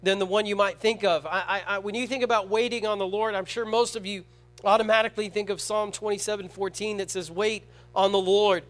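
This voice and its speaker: Male preacher, high voice; sermon delivery that jumps between loud stressed words and soft, slow scripture reading, with frequent rhetorical questions. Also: steady tone. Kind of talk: sermon to a congregation.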